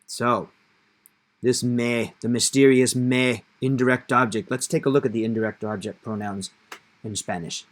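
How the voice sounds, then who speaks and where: A male Spanish teacher with a mid-pitched voice walks through a grammar point. He explains patiently and step by step, stressing key words for emphasis. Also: fairly even intonation, moderate pace.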